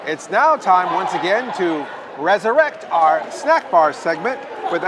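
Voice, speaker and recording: A horror show host riffs his way through comedy banter, halting and restarting as he jokes. His voice is a man's, slightly on the high side, with a clear layer of background noise behind it. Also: sing-song. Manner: rambling, halting, jokey.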